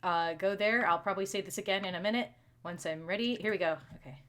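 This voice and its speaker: A young woman talks through a live stream in a flustered, self-mocking way, cursing now and then. Her voice sits at a middle pitch. She often slips into half-whispered muttering to herself. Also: fast, a bit bright. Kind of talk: casual live-stream chat.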